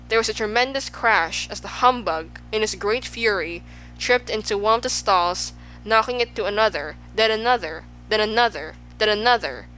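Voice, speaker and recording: A woman reading a children's storybook aloud as the narrator, lively and expressive. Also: mid-range voice, a little hiss or hum, rough recording. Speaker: audiobook narrator.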